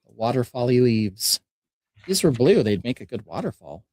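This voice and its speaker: A man's voice: medium pitch, sing-song, moderate pace, a little mellow, dry recording. Easygoing man chatting while he builds. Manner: easygoing, explains steps as he builds. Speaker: host. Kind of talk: casual live-stream chat while building.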